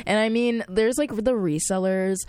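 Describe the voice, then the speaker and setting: A woman of twenty chatting casually on air as a campus radio host, excitable and full of slang and fillers. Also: mid-range voice, normal speed, clean tone, dry recording. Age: 20s.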